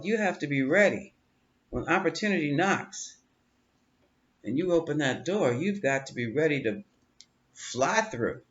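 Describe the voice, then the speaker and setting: A man reading tarot cards, talking in a chatty, coaching way, often repeating words and breaking into laughter. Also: on the high side. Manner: coaching, reassuring tone. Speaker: tarot reader. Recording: dull lo-fi audio with faint room ambience.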